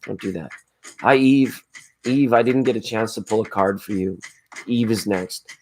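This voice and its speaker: A man with a hoarse voice hosting a laid-back late-night tarot livestream, chatting with viewers in a rambling, spiritual way. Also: lowish voice, normal speed, slight background noise. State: hoarse from screaming at a football game. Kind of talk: casual late-night chat reading viewer comments.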